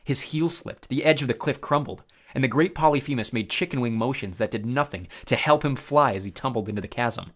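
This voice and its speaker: A man's voice: medium pitch, a little fast, hardly any pauses. A man reading a story aloud, narrating expressively in the first person.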